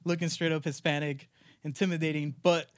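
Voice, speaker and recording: A young American man, guest on a podcast, who both acts and makes music, tells a story in casual conversation, animatedly acting out what he was thinking at the time. His voice is slightly high and a bit quick, and the recording is dry.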